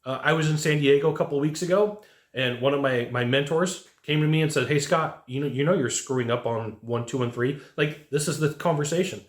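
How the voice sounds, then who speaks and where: A man's voice: a little high, fairly quick, echoey room. A man who works as a sales coach, giving an earnest, emphatic motivational talk straight to his viewers. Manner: earnest, emphatic, quotes others in a raised voice.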